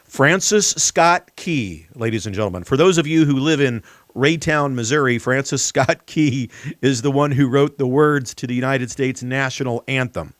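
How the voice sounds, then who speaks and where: An emphatic man hosts a political commentary show and often turns to the audience as he speaks. His voice sits in a middle pitch. The sound is dry and close to the mic. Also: normal speed, no echo. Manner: emphatic, repeatedly addresses "ladies and gentlemen". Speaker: talk show host.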